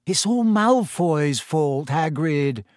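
A man voicing an earnest, anxious teenage schoolgirl who speaks slowly and worriedly. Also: a little high, animated, a little mellow, dry recording, clean studio sound. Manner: anxious and slow.

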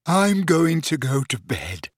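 A man reading an audiobook, voicing a weary, wry teenage girl in a soft, sighing tone. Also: mid-range voice, expressive, unhurried, breathy edge, no room sound, clean studio sound, exaggerated voice. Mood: resigned.

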